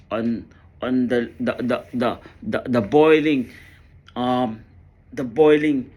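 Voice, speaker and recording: Guy telling an emotional story real slow, halting, keeps repeating words, mid pitch. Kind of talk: emotional personal monologue.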